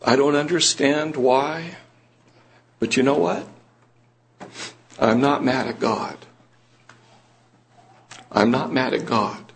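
Slow, husky-voiced man preaching. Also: medium pitch. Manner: slow, earnest preaching with rising emphatic questions. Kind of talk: sermon. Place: church meeting room.

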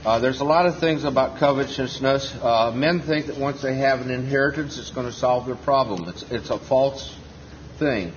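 A man's voice: medium pitch, moderate pace, slight background noise. A man explaining a Bible parable earnestly, with many fillers, in a dull lo-fi meeting recording. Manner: earnest, with frequent fillers and restarts. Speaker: preacher at a Bible reading. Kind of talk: Bible exposition.

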